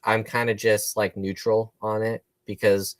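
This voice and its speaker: A man's voice: lowish voice, little pitch movement, measured pace, no room sound. A man co-hosting a casual podcast, chatty and rambling with fillers. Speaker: podcast co-host. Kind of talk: casual chat.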